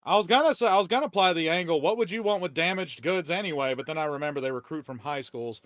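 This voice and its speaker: A man's voice: fairly high pitch, fast talker, a bit bright, dry recording, studio quality. A man playing a tabletop game, chatting eagerly and going off on tangents. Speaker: player. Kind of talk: casual chat at a game table.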